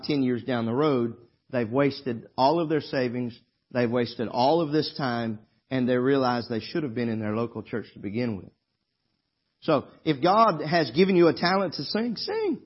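A man's voice: a little high, husky, lo-fi sound. A male pastor preaching a sermon in a folksy, emphatic, wandering way during a church service.

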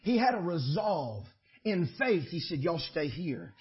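Preacher man swinging loud and soft. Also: a little high, animated, measured pace, highs cut off. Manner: preaching cadence, swings between shouting and quiet asides. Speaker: pastor. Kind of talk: sermon.

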